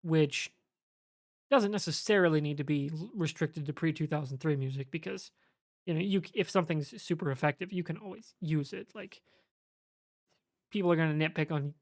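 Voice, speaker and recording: A podcast co-host talks through their views in a measured, analytical way, with many fillers. The voice sounds dry and close, with no room echo. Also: mid-range voice. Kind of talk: casual podcast chat.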